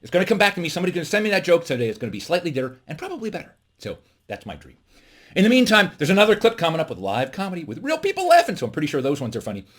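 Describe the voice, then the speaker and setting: A man's voice: fairly high pitch, very fast. A man hosting a comedy-from-home segment, telling nerdy jokes to camera and laughing at his own punchlines. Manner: animated, laughs at own jokes, many fillers. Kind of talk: casual joke telling to camera.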